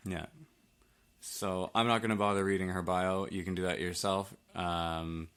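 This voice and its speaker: A man's voice: deep voice, level tone, moderate pace, a bit bright, clear, resonant tone. A man co-hosting a casual podcast, loose and offhand, swearing freely. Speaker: podcast co-host. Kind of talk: casual chat.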